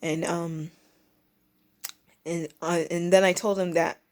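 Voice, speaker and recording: Speaking slowly with a flat delivery, a young woman vlogger recounts a story casually. She wanders, breaks off mid-sentence to restart, and impersonates others in squeaky, high-pitched bursts.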